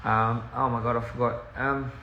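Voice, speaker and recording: A man's voice: medium pitch, little pitch movement, normal speed, reverberant, muffled recording, slight background noise. A young man rambling through a casual live-stream chat from home, easily sidetracked and laughing often. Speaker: musician live-streaming to fans. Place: at home, indoors.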